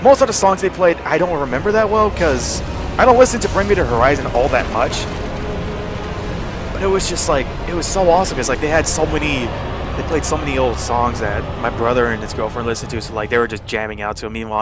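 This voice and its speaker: A man's voice: mid-range voice, quick pace, over loud music. A young man casually telling a rambling story over gameplay, full of fillers and swearing. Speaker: gaming channel host.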